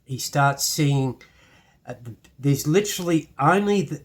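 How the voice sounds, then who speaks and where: A man with an Irish accent teaching a casual piano lesson, chatty and self-deprecating, with many restarts. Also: on the high side. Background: piano playing.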